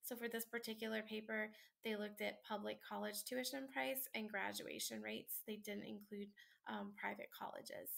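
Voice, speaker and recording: Tired woman teacher, gravelly voice. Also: medium pitch, steady tone, normal speed, a bit bright. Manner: casual, chatty, many ums and likes. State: tired and yawning late at night. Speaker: college instructor. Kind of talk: screen-recorded lesson walkthrough.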